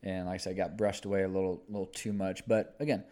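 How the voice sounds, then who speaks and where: A young man in his twenties chats casually as a podcast co-host, in a fairly low voice. He rambles in a relaxed way, full of "you know" and "like," and drifts from thought to thought. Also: fast talker. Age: 20s. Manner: laid-back, rambling, lots of fillers.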